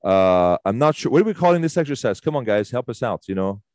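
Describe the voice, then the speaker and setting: A man's voice: mid-range voice, sing-song, fast talker, a little mellow, no echo, studio quality. A man leading a fitness workshop, chatty and enthusiastic, with loose fillers and casual swearing. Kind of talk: casual live workshop instruction. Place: fitness studio.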